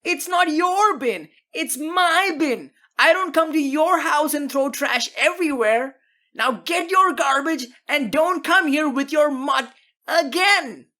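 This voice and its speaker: A woman voicing an angry middle-aged man who rants and yells at a passerby. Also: sits high, animated, takes it slowly, voice pushed up, exaggerated voice. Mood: furious yelling. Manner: shouting, ranting. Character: furious middle-aged man yelling about his bin.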